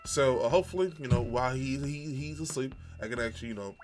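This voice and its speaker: A man's voice: medium pitch, quick pace, music in the background. A man hosting a reaction video, laughing often and chiming in casually over the clip.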